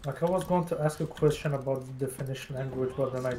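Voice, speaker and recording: A man's voice: medium pitch, fast talker, mellow, slight background noise. A man chatting while gaming on voice chat, rambling and exasperated, swearing a lot. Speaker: gamer on voice chat. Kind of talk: casual gaming banter. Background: keyboard typing and clicks.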